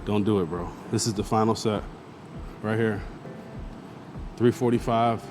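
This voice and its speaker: A man's voice: lowish voice, steady tone, measured pace, over music. A man talking casually to the camera between heavy squat sets at the gym. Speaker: fitness vlogger. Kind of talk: casual gym vlog talk.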